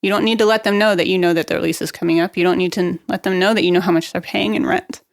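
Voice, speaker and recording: A woman speaking as a guest expert on a real estate podcast. She gives practical marketing advice in a brisk, upbeat way. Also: on the low side, steady tone, creaky, no echo, studio quality. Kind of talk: podcast interview, explaining marketing tips.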